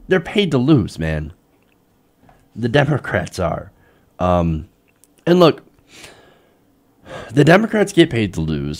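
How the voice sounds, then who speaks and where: Guy hosting a political show, ranting, voice swinging all over the place, exasperated. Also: on the low side. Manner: animated, exasperated ranting with mocking quoted voices. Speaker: host.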